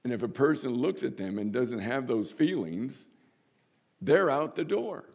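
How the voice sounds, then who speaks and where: An older man preaching a sermon as pastor, folksy and humorous, with sudden lifts in pitch for emphasis. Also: lively intonation, unhurried, gravelly.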